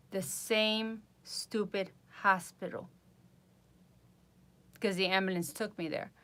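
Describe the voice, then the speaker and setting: An exasperated woman talks straight to her viewers, her voice sitting at an ordinary middle pitch. She tells her story casually and animatedly, now and then mocking the people in it. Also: fairly bright tone. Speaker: vlogger.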